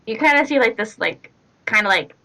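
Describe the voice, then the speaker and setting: A woman's voice: fairly high pitch, expressive, a little fast, bright, forceful tone, low-quality recording. A woman running a tabletop game as game master, narrating scenes in a chatty way with many fillers and small laughs.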